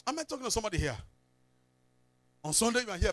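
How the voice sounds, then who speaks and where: A man with a Nigerian accent preaching a sermon in church, telling stories, slipping into pidgin and breaking into sudden shouts. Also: sits high, sing-song, fast talker, no echo. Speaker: pastor.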